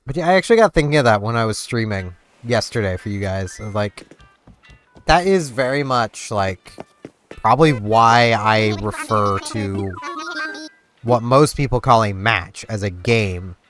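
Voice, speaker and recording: A man's voice: lowish voice, animated, measured pace, a bit bright. A young man from Canada rambling casually over a video game, full of fillers and restarts. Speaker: gaming video host. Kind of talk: casual gameplay commentary. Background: game music.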